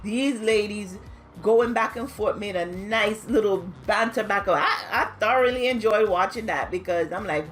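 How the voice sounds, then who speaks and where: A woman giving a casual, chatty recap of a reality show, gossiping and acting out quotes in high squealing voices. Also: moderate pace, faint music behind. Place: home, New York.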